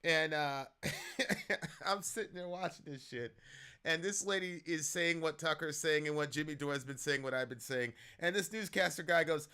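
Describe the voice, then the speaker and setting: A man hosts a casual political stream, talking loosely in slang and breaking into loud outbursts. His voice is bright and smooth, a little high for a man. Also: normal speed.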